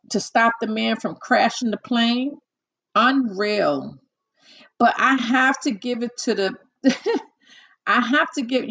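A woman's voice: a little high, vocal fry, fairly bright tone. A woman talking casually to her listeners, chatty and repetitive, with frequent restarts and acted-out quotes. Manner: chatty, repeats herself and restarts, acts out quotes. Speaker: commentator. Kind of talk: casual monologue.

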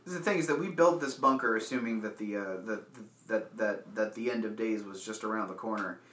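A man's voice: fairly low pitch, brisk, fairly bright tone. A man co-hosting a podcast who reads out listener questions and riffs playfully in casual comedic chat. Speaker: podcast co-host. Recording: roomy echo.

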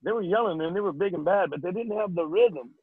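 Older guy cracking jokes and telling stories, high-ish voice, tinny phone sound. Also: fast talker, husky, no room sound. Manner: jokey, animated storyteller. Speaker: guest actor. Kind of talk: casual interview storytelling.

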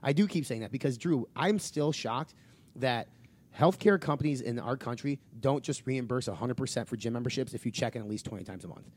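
A man's voice: medium pitch, a little mellow, breathy edge. A man co-hosting a casual podcast, talking bluntly and swearing while giving strong opinions. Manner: blunt, profane, fast opinionated talk. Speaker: podcast co-host.

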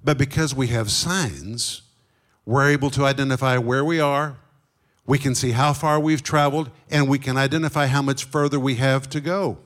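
A middle-aged man teaching a sermon as a guest Bible teacher, emphatic and deliberate, slowing down on key words. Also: medium pitch, steady tone, a bit bright.

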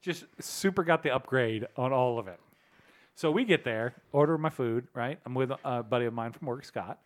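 A man with a mid-range voice speaks at a normal speed, hosting a casual podcast. He tells long, rambling stories and acts out the people in them.

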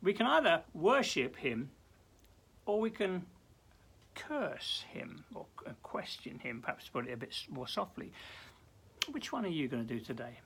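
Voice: medium pitch, very animated, moderate pace, fairly bright tone, slightly rough. A minister giving a short devotional talk, speaking earnestly with many stammered restarts and acting out prayers with rising intensity. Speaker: church minister.

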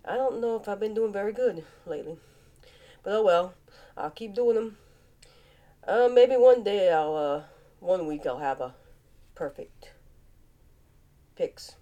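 A woman's voice: mid-range voice, animated, a little slow, long pauses, dark tone, muffled recording. Congested Cajun woman, chatty vlog host. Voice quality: nasal. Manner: chatty, playful, with animal noises. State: congested, sinus-stuffy. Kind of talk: casual football picks vlog.

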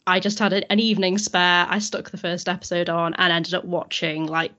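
A young woman on a podcast, chatting in a relaxed, easygoing way. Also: fairly low pitch, brisk, dull audio. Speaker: podcast contributor. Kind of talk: casual chat.

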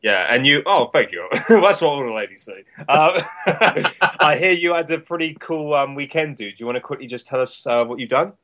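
A man's voice: mid-range voice, expressive, brisk, pushed and bright. Man, podcast co-host, casual chat, laughs a lot. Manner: upbeat, laughs often.

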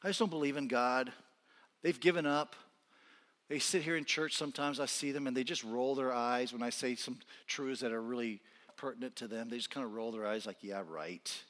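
A man's voice: mid-range voice, fairly even intonation, a little fast. Impassioned male pastor in a reverberant church. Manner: impassioned, rising to near-shouting then dropping quiet. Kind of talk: sermon. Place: church sanctuary.

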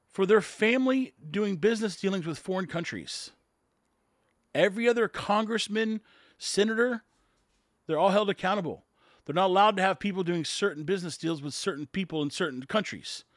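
A man's voice: high-pitched, dry recording, clean studio sound. An American man and business owner ranting bluntly about politics to camera, exasperated and emphatic. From United States. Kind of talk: casual political rant to camera.

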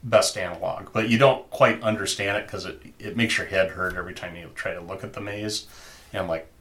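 A man's voice: sits low, fairly even intonation, fairly quick, a bit bright. A man narrating as game master in a tabletop game, loose and chatty. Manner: loose and chatty, many fillers.

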